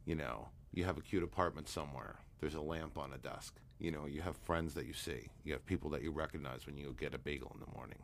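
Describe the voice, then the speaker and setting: A man, a hypnotherapist guest, telling a long anecdote in a relaxed, rambling way with many fillers. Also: very deep voice, fast, few pauses, slight background noise. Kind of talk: storytelling interview talk.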